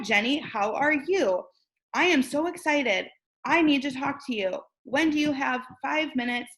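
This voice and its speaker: A woman's voice: medium pitch, bright, forceful tone, poor audio. A young woman coaching on recruiting in a bubbly, chatty way, acting out sample messages and checking in with "right?" as she goes. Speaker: network marketing recruiter and trainer. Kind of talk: casual coaching talk.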